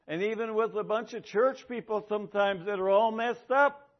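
A man's voice: high voice, normal speed. A man preaching a sermon with emphasis, often repeating his key lines for weight. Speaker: pastor. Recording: dull lo-fi recording.

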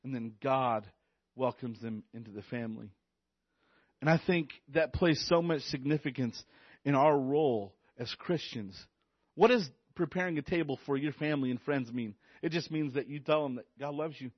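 A man, a youth pastor, preaching a sermon with excited energy, repeating phrases and stammering on restarts. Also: medium pitch, normal speed, dry recording, lo-fi sound. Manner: enthusiastic, repetitive, stammers on restarts.

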